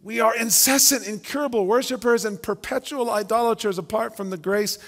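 A man's voice: high voice, brisk, a bit bright. A man preaching a sermon as pastor, emphatic, asking rhetorical questions and repeating words as he builds his points. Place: church sanctuary. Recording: long church-hall reverb.

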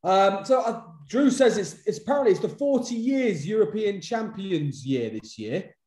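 A man's voice: high voice, lively intonation, normal speed, a little mellow. A man hosting a casual chat, hesitant and often repeating his words as he goes. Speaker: podcast host. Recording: roomy echo.

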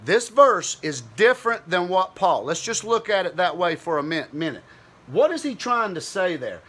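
Bright-voiced man teaching scripture. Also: high-pitched, sing-song, normal speed. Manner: conversational and searching, thinks aloud with many restarts. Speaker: Bible teacher. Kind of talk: informal Bible teaching.

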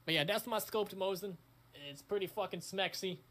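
High, bright-voiced young man swearing excitedly. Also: moderate pace. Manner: crude, excitable, swears a lot. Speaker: channel host. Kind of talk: casual vlog chat.

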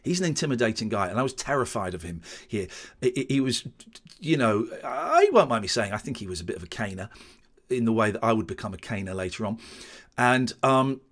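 A man's voice: on the low side, big pitch swings, brisk, a bit bright. A man, rambling and restarting as he gives casual commentary on his old show. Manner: rambling, many restarts and stammers. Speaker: host watching back his old show.

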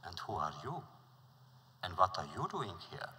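A man voicing a patient, polite wise man who reasons gently. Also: fairly low pitch, expressive, takes it slowly, heavily acted. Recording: reverberant lecture hall.

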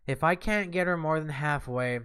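A man streaming a game live, tipsy and swearing loudly at the boss as he comments on his play. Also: fairly high pitch, moderate pace, clear, resonant tone. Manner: profane, yelling and cursing at the game. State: tipsy from drinks and smoking.

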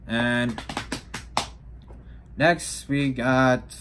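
A man's voice: medium pitch, fairly even intonation, extremely slow, fairly bright tone, clear, resonant tone, faint music behind. A teenage boy vlogging casually about upcoming films, rambling with frequent restarts. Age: teens. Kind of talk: casual vlog commentary.

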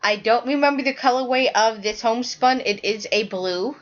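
A woman's voice: a little high, moderate pace, highs cut off. A woman hosting a knitting podcast, chatting casually and rambling as she shows her work to the camera, often correcting herself mid-sentence.

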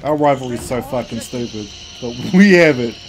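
A man chatting with friends while playing an online shooter. He shouts and swears when things go wrong. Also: medium pitch, a little fast, soft background music. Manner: excitable, swears loudly, shouts when killed. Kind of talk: casual gaming chat.

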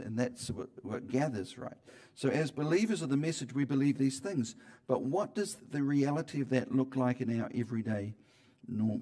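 A man's voice: medium pitch, mellow. Conversational man preaching a church sermon. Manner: conversational preaching with restarts, rising and falling emphasis. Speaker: pastor.

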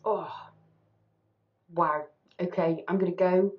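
A woman's voice: on the low side, fairly even intonation, takes it slowly, muffled recording. A woman hosting a TV reaction channel, talking candidly and with animation, swearing casually as she reacts.

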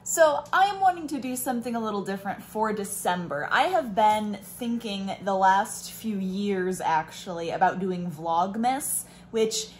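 A woman's voice: medium pitch, a little slow, few pauses, darkish tone, a little hiss or hum. Chatty young woman vlogging at home. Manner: chatty, rambling, many fillers. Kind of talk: casual vlog chat. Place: home, on the stairs.

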